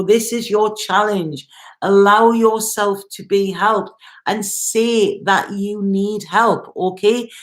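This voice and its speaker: A woman giving a tarot reading to camera, talking straight to the viewer in a chatty, reassuring way and repeating herself. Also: mid-range voice. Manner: addresses viewer directly. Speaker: tarot reader.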